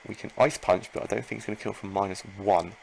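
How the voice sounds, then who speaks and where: Excitable gravelly-voiced man commenting a game. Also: fairly low pitch, fast talker, a little hiss or hum, low-quality recording. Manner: excitable, talks to himself and the opponent, repeats phrases. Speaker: Pokémon player commenting his own battle. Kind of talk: live gameplay commentary.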